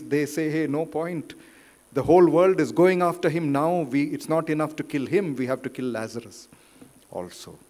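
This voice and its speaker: A man preaching a sermon in a church, rising loud for quotes and dropping quiet. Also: on the high side. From India. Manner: slow, deliberate, rises loud for quotes then drops quiet. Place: church hall. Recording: reverberant church hall.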